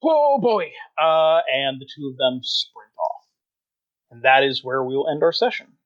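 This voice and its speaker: A man's voice: mid-range voice, fairly even intonation, normal speed, highs cut off. A man narrating a tabletop game as game master, describing scenes with many fillers.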